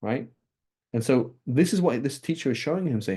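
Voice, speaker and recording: A man teaching a class on Islamic texts, talking in a lively, conversational way with frequent "right?" checks and restarts. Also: medium pitch, moderate pace, breathy edge.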